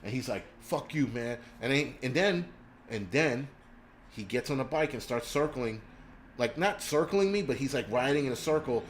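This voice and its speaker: A man hosting his own vlog, telling stories and ranting in a profane, animated way. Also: medium pitch, normal speed, slight background noise. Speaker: prepper channel host.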